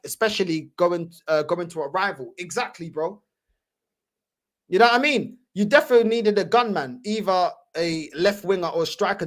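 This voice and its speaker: A woman hosting a fan channel, ranting heatedly in slangy, repetitive reaction commentary. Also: mid-range voice.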